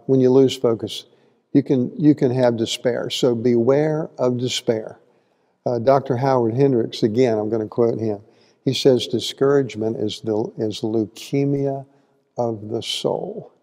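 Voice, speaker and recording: A man with a mellow, mid-range voice teaches a conversational Bible class in a church hall, and the recording has a big-room sound. He's folksy, asks the audience questions as he goes, and acts out quotes.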